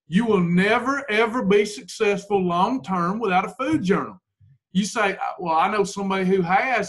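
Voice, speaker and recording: A man's voice: sits high, a bit bright. A man leading a weight-loss group, talking in a blunt, folksy, preachy way. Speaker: weight-loss program leader. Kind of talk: motivational talk to a group.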